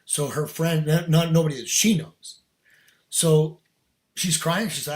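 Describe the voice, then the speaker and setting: A man guest on a podcast telling a personal story in casual, earnest talk, animated and laughing now and then. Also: on the high side, a little slow.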